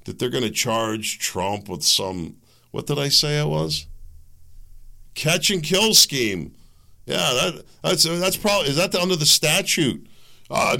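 A man's voice: a little high, creaky, pushed and bright. A man hosting his own podcast, ranting through solo political commentary and acting out the people he quotes. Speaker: podcast host.

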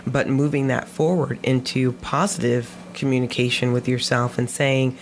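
A woman's voice: rumbling low, steady tone, normal speed, hardly any pauses. A woman guest on an interview show, telling stories animatedly, laughing often and repeating phrases for emphasis. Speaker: guest photographer and filmmaker. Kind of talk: conversational storytelling.

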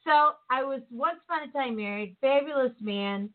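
Animated woman host on a tinny line. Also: high-pitched, normal speed. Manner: animated storyteller, acts out quoted voices. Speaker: podcast host. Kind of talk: casual interview chat.

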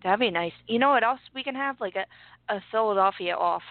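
A woman's voice: medium pitch, fairly quick. A woman co-hosting a radio show, chatting casually, laughing often and swearing freely. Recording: tinny, dry phone-like sound.

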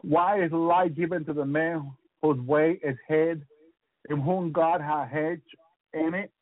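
A man's voice: fairly high pitch, steady tone, slow pace, no room sound. A man preaching a fervent sermon about his visions, breaking in with hallelujahs and repeating words as he goes. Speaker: radio preacher. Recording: tinny phone-like radio sound.

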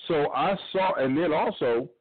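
A man's voice: on the high side, lively intonation, unhurried. Emphatic man arguing on a tinny phone line. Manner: emphatic, argumentative, keeps talking over interruptions. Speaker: radio show co-host. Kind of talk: opinionated casual debate.

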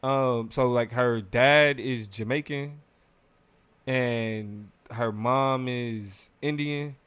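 A man co-hosts a casual live discussion, rambling with fillers and quick laughs. His voice is smooth and clear, and the sound is dry and close with no room around it. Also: mid-range voice, dry recording. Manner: loose and animated, frequent fillers, laughs while talking. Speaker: podcast co-host.

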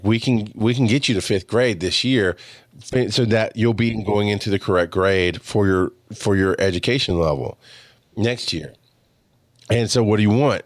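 Expressive, lower-voiced male podcaster. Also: no room sound, studio quality. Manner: expressive, swears casually, acts out quoted dialogue. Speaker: podcast host. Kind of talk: personal storytelling monologue.

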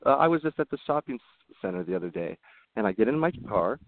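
Lowish-voiced and animated, this man talks fast while appearing as a guest on a podcast. He tells personal anecdotes earnestly and loosely, frequently starting over, and the dry recording sounds thin, like a phone line.

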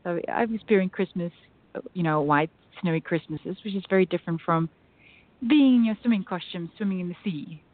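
A woman from South Africa with a softened South African accent, calling in to a radio show, soft-spoken and hesitant. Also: on the low side, a little fast, no echo. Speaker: caller. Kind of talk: call-in radio chat. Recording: dry, tinny phone line.

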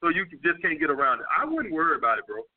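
A man's voice: on the high side, sing-song, very fast. A man with a New York accent, working as a dating coach, giving blunt, profane advice in casual street slang while answering viewer questions. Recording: tinny phone-like audio.

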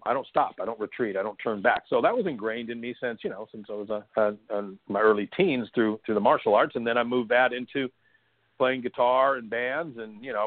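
A man's voice: medium pitch, no echo. Middle-aged guy from san diego spinning a story, lots of uhs, dry tinny phone sound. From San Diego, California. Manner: chatty, laughs while telling stories, many fillers. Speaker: guest, hypnosis trainer. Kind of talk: conversational storytelling interview.

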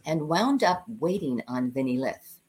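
A woman guest, a cabaret singer, telling stories from her career in an animated, conversational way and laughing often. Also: deep voice, unhurried, slightly rough. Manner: lively anecdotes, acting out the voices of people she quotes; laughs often mid-story.

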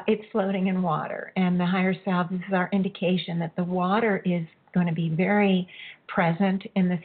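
A woman leading a guided spiritual healing, speaking softly and emotionally, with halting pauses and a husky voice. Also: on the low side. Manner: soft, emotional, halting, tearful at times. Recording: tinny phone-like line.

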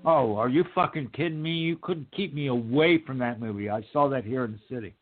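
A man's voice: mid-range voice, a little fast. Podcast host, male, emphatic and profane, stammery; tinny call audio. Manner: emphatic, swears, stammers on repeats. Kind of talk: casual chat. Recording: tinny phone-like line.

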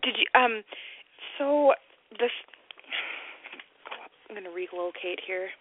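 A woman's voice: mid-range voice, lively intonation, slow pace, background noise. A woman chatting casually as a podcast guest, laughing often. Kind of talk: casual chat. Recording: tinny phone-line audio.

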